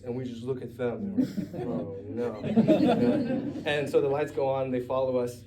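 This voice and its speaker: A man's voice: medium pitch, distant mic, background noise. Casual, digressive male storyteller. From United States. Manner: conversational, digressive, laughing asides. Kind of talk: live storytelling retelling a gospel story. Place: live story night venue.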